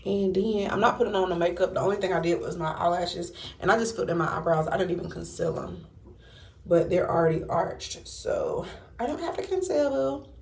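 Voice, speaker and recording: A woman's voice: lowish voice, very animated, a little fast, gravelly, darkish tone, reverberant. Chatty young woman vlogging with wind noise. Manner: chatty, loose and talkative with fillers. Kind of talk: casual vlog chat. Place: at home, then outdoors at a windy beach. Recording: wind and surf noise outdoors.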